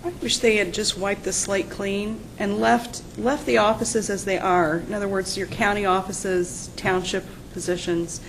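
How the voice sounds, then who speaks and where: A woman's voice: medium pitch, flat delivery, measured pace, few pauses, slight background noise, poor audio. A woman speaking on a panel as a township official, arguing her case with conviction. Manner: impassioned, argumentative. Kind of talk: panel discussion.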